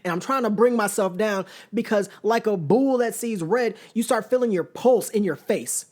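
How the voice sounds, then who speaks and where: A man's voice: high-pitched, moderate pace. A man in his thirties tells a personal story on his podcast, speaking casually and with lots of energy. He often checks in with the audience and keeps the tone close and conversational. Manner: animated, conversational, addresses listeners directly with "right?". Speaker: podcast host. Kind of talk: storytelling monologue.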